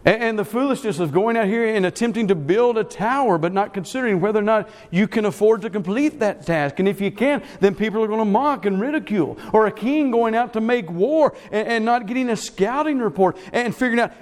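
A man preaching a sermon with emphasis, speeding through some phrases and slowing hard on key words. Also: sits high, lively intonation, darkish tone. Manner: emphatic, swings between fast runs and slow stressed words. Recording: long reverb of a church hall.

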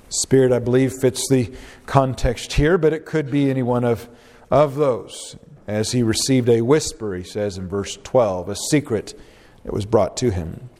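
A man preaching a sermon and reading scripture aloud, slow and deliberate, with dramatic pauses. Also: a little high, a little mellow. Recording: long reverb of a large hall.

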